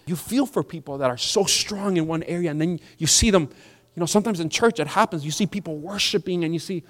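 A man pastor preaching a sermon in a church, animated and acting out the people in his story. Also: fairly high pitch, quick pace. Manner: animated, acts out quoted voices. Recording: long church hall reverb.

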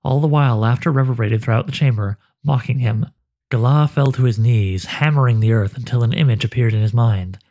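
A man narrating a dark fantasy story with a measured, dramatic delivery. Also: mid-range voice.

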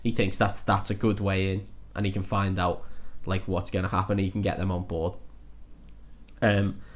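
A man's voice: deep voice, little pitch movement, normal speed, muffled recording. A man hosting a podcast, casually retelling a film's plot in a rambling, sweary way and laughing as he goes. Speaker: podcast host recapping a film. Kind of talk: casual chat.

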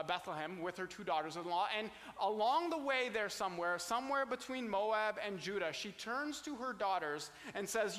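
A man's voice: high-pitched, bright, forceful tone, long reverb tail. A man teaching a Bible study, explaining the passage in a conversational way with casual asides.

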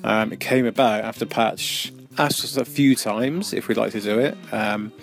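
A man describing how a podcast began, speaking in a flat monotone. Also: on the low side, normal speed, vocal fry, soft background music. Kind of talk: casual narration.

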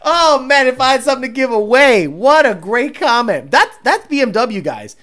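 A woman hosting a casual livestream as a car tuner, profane and animated, laughing often. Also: high voice, moderate pace. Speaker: car tuner and stream host.

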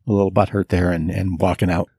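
Fast-talking gravelly man with wry comments. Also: low voice, little pitch movement, warm tone, dry recording. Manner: dry, wry side comments. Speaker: podcast co-host. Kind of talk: casual chat.

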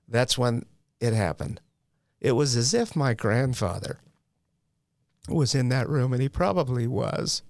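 A man's voice: medium pitch, expressive, moderate pace, vocal fry, darkish tone, no room sound, studio quality. Frank middle-aged man telling his story. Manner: frank and self-deprecating, with wry humor and slangy asides. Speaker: guest sharing a recovery story. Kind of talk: candid personal storytelling.

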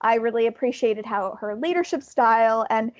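A woman co-hosting a podcast, telling a story in an animated way and laughing now and then. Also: fairly high pitch, moderate pace, highs cut off. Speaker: podcast co-host. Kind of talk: casual storytelling chat.

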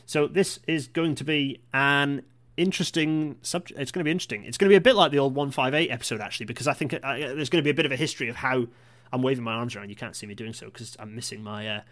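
A man's voice: mid-range voice, fast talker, fairly bright tone. A man hosting a live-streamed podcast, chatty and self-deprecating, with frequent apologetic asides. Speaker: podcast host.

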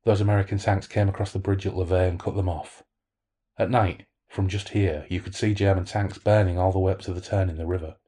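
A man's voice: deep voice, flat delivery, brisk, mellow, breathy edge. A man reading the part of an elderly male French villager telling grave wartime and ghost stories. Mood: solemn.

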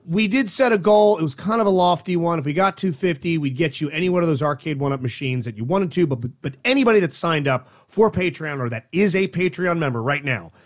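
A man co-hosting a podcast, bantering casually and breaking into loud laughter. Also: on the high side, expressive. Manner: loud bursts of laughter, quick plugs. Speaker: podcast co-host.

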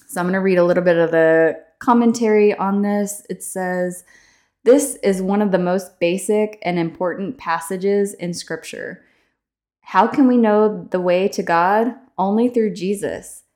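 A young adult woman hosting a devotional podcast, chatting casually with many fillers and slowing down to read scripture aloud. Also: lowish voice, a little mellow. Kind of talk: casual devotional reading and reflection.

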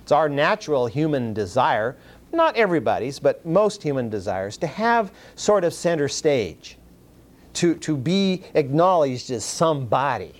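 A pastor preaches a sermon at a measured pace, animated and often rising high in pitch for emphasis. He repeats words as he restarts phrases.

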